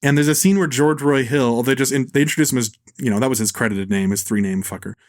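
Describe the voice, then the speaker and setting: A male podcast host in a loose film chat, blunt and profane, with a mid-pitched voice. The sound is very dry and close, with no room around him. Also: no room sound. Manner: blunt, swearing, mimics actors in quick bits. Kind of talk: casual film review chat.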